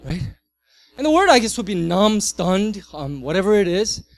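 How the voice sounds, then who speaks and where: A man in his thirties, a pastor, preaching a sermon and telling a family story with lively swings from loud to hushed. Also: sits high, normal speed.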